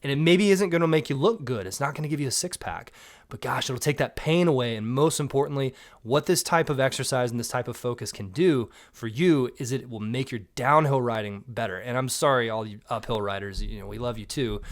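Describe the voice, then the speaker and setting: A Southern man in his thirties talks straight to the viewer like a coach, direct and plain-spoken with the odd wry joke. His voice sits at an ordinary middle pitch. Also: brisk. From Georgia, US. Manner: direct, coaching, joking asides. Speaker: mountain bike coach. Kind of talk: casual instructional talk to camera.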